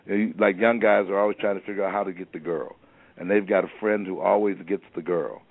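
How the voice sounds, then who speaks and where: A man's voice: low-pitched, steady tone, a little fast, vocal fry, no echo. Male storyteller, reflective and earnest; dry, narrow lo-fi recording. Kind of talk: storytelling talk. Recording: dry, phone-like narrow sound.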